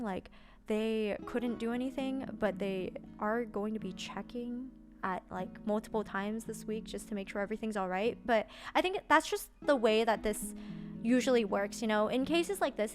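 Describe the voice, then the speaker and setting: A young woman streamer telling a story casually, animated, with lots of "like" and some swearing. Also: fairly high pitch.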